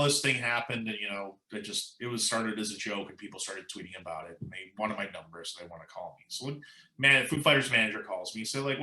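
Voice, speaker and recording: A man tells a long story in a casual interview, acting out what others said and leaning on "like" and "you know". His voice is bright and forceful at a middle pitch. The sound is roomy, with an echo around him. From United States. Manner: animated anecdote-telling, quoting others, says "like" and "you know" a lot. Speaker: musician guest.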